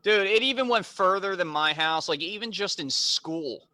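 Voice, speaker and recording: A young man co-hosting a podcast, telling childhood stories in casual chat with quick laughs. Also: high voice, dry recording. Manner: animated storytelling, quick laughs. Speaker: podcast co-host.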